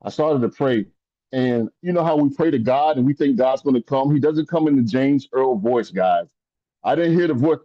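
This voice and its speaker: A man delivers an impassioned motivational speech to an online audience, and his manner is close to a preacher's. He speaks to the listeners directly and builds toward intense climaxes. His voice sits fairly high but sounds mellow, and it comes through dry, slightly dull video-call audio. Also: animated, a little fast, no room sound.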